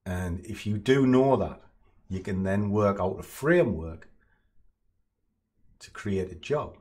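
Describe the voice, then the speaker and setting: A man's voice: fairly low pitch, lively intonation, slow, a little mellow. A man giving a blunt, no-nonsense motivational monologue as a trading coach.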